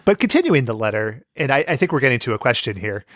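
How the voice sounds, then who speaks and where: Animated man hosting a podcast. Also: medium pitch, fast talker, no echo, studio quality. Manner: jokey, animated, reads letters aloud. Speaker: podcast host. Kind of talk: casual podcast chat, reading listener mail.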